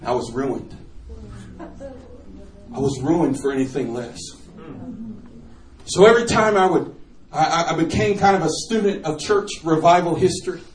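A male preacher giving a sermon testimony, animated storytelling and laughing often, sometimes bursting into shouts. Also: high-pitched. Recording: echoey room, from far off.

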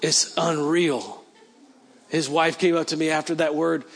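A man's voice: a little high, steady tone, unhurried, vocal fry. A man preaching a sermon, telling stories and then praying in a fervent, declaring way. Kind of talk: sermon with prophetic prayer. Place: church service.

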